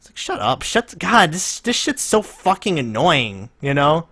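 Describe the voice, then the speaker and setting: A man's voice: sits high, very animated, normal speed, hardly any pauses, pushed and bright. A man doing reaction commentary, profane and rambling, laughing and restarting often as he mocks what he watches.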